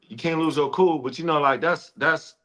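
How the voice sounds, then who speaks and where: A man who works as a comedian, talking in an earnest, fast, street-smart way in a casual chat. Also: on the high side, fairly bright tone. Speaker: comedian guest.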